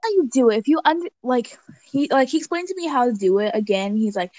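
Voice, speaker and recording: A woman guest on a podcast chatting casually, animated and laughing often as she acts out quotes. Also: a little high, fast, no echo. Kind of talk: casual chat.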